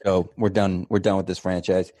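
A man's voice: low voice, little pitch movement, normal speed, warm tone, no room sound. A man co-hosting a casual podcast, rambling with restarts and casual swearing as he gives his opinions. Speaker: podcast co-host. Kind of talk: casual chat.

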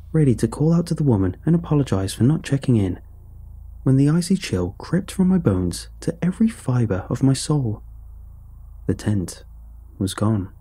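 A man reads a first-person horror story aloud with steady, dramatic pacing. His voice is very dark and mellow, with a husky edge. He sits a little low in pitch. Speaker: narrator.

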